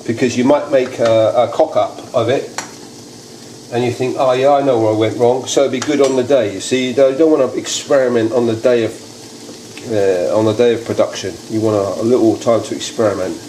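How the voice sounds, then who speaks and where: A man's voice: medium pitch, fairly even intonation, brisk, dark tone. A British man hosting a casual cooking demonstration in a home kitchen, rambling and chatty with many restarts. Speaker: cooking video host. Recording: echoey kitchen, faint noise.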